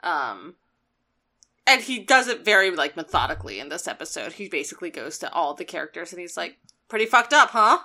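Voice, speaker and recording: A woman's voice: low voice, a little fast. A woman co-hosting a casual talk show, retelling a cartoon episode and acting out lines. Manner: animated storytelling, acting out quotes. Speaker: podcast co-host. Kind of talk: casual chat recapping a cartoon.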